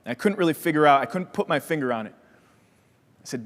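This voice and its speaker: A young man from Wisconsin giving a motivational keynote, telling his story with energy and acting out the voices in it. His voice sits a little higher than most men's. The sound carries a long reverb from a large hall. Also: a little fast, pauses often. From Wisconsin, USA. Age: young adult. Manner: energetic storyteller who acts out quoted voices. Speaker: keynote speaker.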